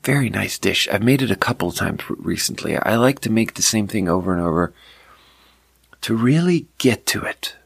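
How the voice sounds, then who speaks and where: Rambling man, low and dry. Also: expressive, moderate pace, gravelly, slightly rough, dry recording. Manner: rambling, laughs often, swears casually. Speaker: podcast host. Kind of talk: casual rambling chat.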